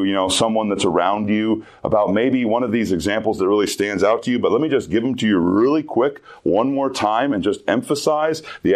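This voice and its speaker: Youth pastor, male, low-pitched; earnest emphatic sermon delivery. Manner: earnest, emphatic preaching with repeated phrases.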